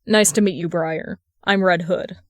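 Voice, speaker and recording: A woman voicing a gruff, protective young male vigilante with a brusque manner. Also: lowish voice, fairly even intonation, measured pace, no room sound, lightly acted.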